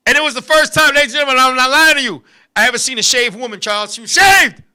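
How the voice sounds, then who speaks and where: A talk-show host in his fifties with a strikingly high, bright, piercing voice tells a raunchy story. He talks loud and animated, cursing freely and laughing along with himself. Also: fast, smooth. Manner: loud, animated, crude, laughing between lines.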